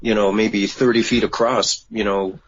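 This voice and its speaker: A man telling of a sighting in a halting way with many restarts, as a guest on a remote interview. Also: lowish voice, little pitch movement, a little hiss or hum. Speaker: guest witness. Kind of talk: casual radio interview. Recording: dull lo-fi remote line.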